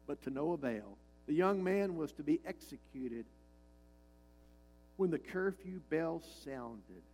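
A man's voice: a little high, lively intonation, slow, darkish tone, rough recording. A male pastor preaching a sermon, emphatic and repeating his key lines, with frequent rhetorical questions to the congregation.

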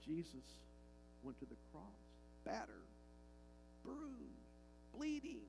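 A male preacher delivering a sermon in a church with a gravelly voice and an unhurried, deliberate delivery. His pitch swings widely as he leans on key lines, repeats them, and asks the room rhetorical questions. Faint music plays underneath. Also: very animated, low-quality recording. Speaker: pastor.

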